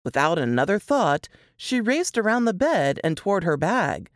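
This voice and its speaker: A woman author reading her own dark fiction aloud in an expressive, measured way, on a close mic. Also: on the low side, dry recording.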